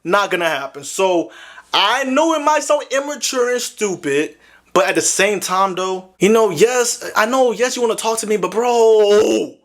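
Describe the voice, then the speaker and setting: A young man with a fairly high voice hosts a casual video game. His pitch swings widely as he talks. He is animated and slangy, and breaks into loud exclamations often. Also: moderate pace. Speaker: gaming video host. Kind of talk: casual commentary to camera.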